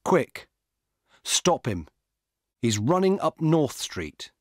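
Man reading a steady cop in charge, kinda husky, clipped orders. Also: a little high, slow, dry recording, clean studio sound, voice pushed up, exaggerated voice. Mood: commanding. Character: male police officer, firm, in charge.

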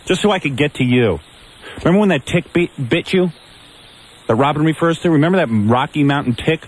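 A man's voice: fairly high pitch, expressive, a little fast, slight background noise. A man in his thirties hosting morning radio, ranting and taunting a rival with brash, mocking insults. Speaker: radio host.

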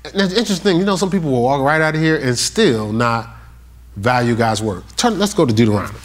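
A male pastor preaching a sermon, talking straight to the congregation and reading scripture aloud slowly. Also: mid-range voice. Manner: animated, talks straight to the congregation with questions.

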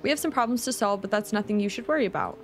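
A woman's voice: mid-range voice, expressive, rapid-fire, soft background music, natural voice. A woman reading an evasive old king. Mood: calm. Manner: reading dialogue aloud plainly. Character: wise but evasive male king.

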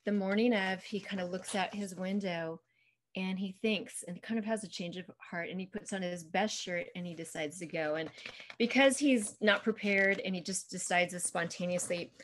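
On a video call, a children's book author retells the story of her book in a casual interview, her speech chatty and dotted with "um" and "you know." Her voice is lowish and a bit bright, at a moderate pace, with slight background noise.

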